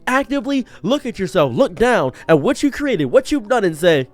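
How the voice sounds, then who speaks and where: Earnest man with a lively pitch. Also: moderate pace, faint music behind. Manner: earnest, preachy, acts out quoted voices. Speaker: streamer giving a pep talk. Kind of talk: motivational monologue.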